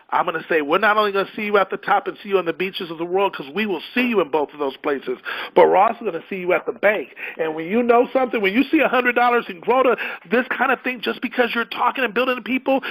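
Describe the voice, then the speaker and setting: A man's voice: high voice, fast talker, fairly bright tone, rough recording. A man giving a fervent motivational training talk to a sales team, acting out his prospects' doubts and joy in their own words. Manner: preachy and fervent, acts out prospects' inner voices. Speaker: business leader giving a training call.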